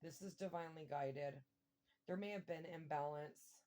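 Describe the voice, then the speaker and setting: A woman giving a casual tarot reading, thinking aloud and breaking into excited exclamations and mild swearing. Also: deep voice, normal speed. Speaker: tarot reader.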